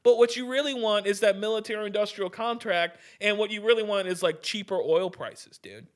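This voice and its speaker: A man's voice: high-pitched, brisk. A young man hosting his own podcast, ranting heatedly and swearing a lot, often restarting sentences and tossing in "dude.". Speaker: podcast host. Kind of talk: casual ranting podcast monologue.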